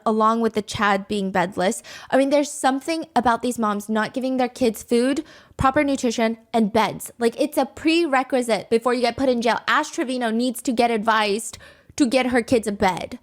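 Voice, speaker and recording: A woman's voice: a little high, normal speed. A woman hosting a reaction commentary show, speaking in an indignant, sarcastic, conversational way. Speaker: commentary host.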